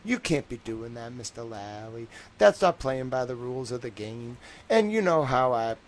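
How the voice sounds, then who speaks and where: A man with a Boston accent hosts a casual livestream about a court case. He talks in an animated, slangy way and circles back to the same joke again and again. His voice sits at an ordinary middle pitch. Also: moderate pace. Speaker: livestream host. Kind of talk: casual trial commentary.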